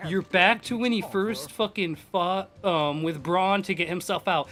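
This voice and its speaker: Excitable swearing young male streamer. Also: high-pitched, unhurried. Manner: rambling, profane, excitable storytelling. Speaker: game streamer. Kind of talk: casual chat.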